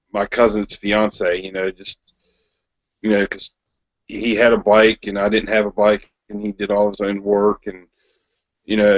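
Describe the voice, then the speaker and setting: A man in a casual chat, speaking hesitantly with many pauses and restarts. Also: on the low side, no room sound, muffled recording. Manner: hesitant, lots of ums and restarts.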